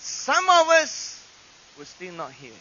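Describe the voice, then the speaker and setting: A male pastor preaching a sermon in a church, swinging dramatically between loud proclamations and hushed asides. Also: very high voice, huge pitch swings, takes it slowly. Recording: dull lo-fi archive recording with hiss.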